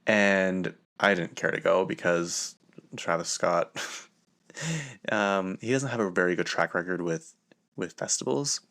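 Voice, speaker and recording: Low-voiced young man rambling through a story. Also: expressive, unhurried, fairly bright tone. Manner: rambling, filler-heavy, self-interrupting. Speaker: podcast host. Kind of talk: casual storytelling monologue.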